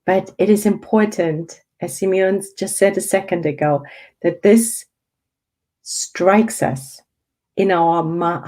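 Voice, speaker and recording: Woman study leader, unhurried and earnest, stressing key words as she explains scripture over a video call. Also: lowish voice, darkish tone, poor audio. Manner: slow, emphatic, reflective delivery. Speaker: study group host. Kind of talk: spiritual text study with commentary.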